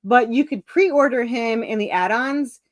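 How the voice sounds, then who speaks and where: A woman's voice: on the high side, a little slow, no echo, clean studio sound. Chatty woman guest on a video call. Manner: rambling and chatty, full of fillers and restarts; self-mocking, laughs at herself. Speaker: indie comic creator, interview guest. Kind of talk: casual video-call chat.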